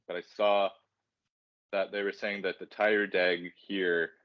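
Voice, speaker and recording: A man with a very low voice co-hosts a casual podcast. He rambles, filling gaps with ums and joking at his own slips. The sound is dry and slightly dull. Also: level tone, measured pace, dry recording. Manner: rambling, self-deprecating, casual filler-heavy. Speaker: podcast co-host.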